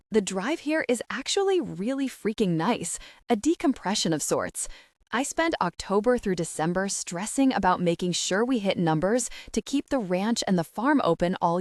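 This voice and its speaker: A woman narrating a first-person romance audiobook in an expressive reading, recorded close on a studio mic. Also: mid-range voice, no room sound.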